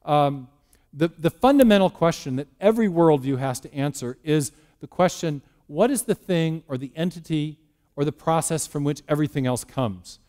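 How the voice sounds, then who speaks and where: A man's voice: on the high side, lively intonation, normal speed, darkish tone. A man giving a public lecture to a live audience in a church, speaking conversationally with frequent ums and uhs. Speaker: guest speaker.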